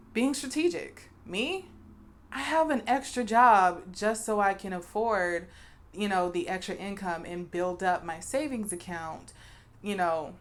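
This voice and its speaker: A young adult woman with a mid-range voice vlogs straight to the camera, giving her candid opinions bluntly and frankly and calling her viewers "y'all." She coughs every so often, and a little hiss or hum is audible.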